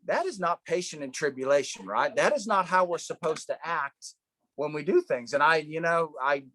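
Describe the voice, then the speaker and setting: A man teaching a Bible study in a casual, animated way, often adding "right?" and "man" as he talks. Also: on the high side, normal speed, no echo. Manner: animated storyteller, tags lines with "right?" and "man".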